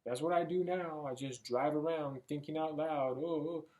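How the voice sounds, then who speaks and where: A young man thinking out loud in a rambling motivational monologue, casual and sometimes swearing. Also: fairly high pitch, steady tone, moderate pace. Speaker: vlogger. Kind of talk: motivational self-talk monologue.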